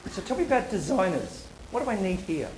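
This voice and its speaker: A male public speaker gives a live talk in a university lecture hall, his high-pitched voice swinging widely and moving a little fast. He is playful and joking, firing rhetorical questions at the audience, with a noisy background and roomy hall echo.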